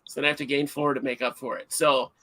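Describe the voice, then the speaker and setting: A middle-aged man hosting a livestream, chatting casually and telling stories in an animated, self-mocking way. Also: mid-range voice, fast talker. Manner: animated storyteller, self-mocking, acts out shouts. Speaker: livestream host.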